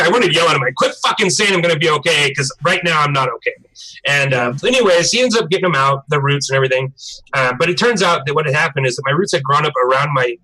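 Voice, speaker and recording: A bright-voiced young man speaking a little higher than most men, chatting on a live stream. He tells his story in a loose, profane, animated way. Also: low-quality recording. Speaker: livestream co-host. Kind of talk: casual live-stream chat.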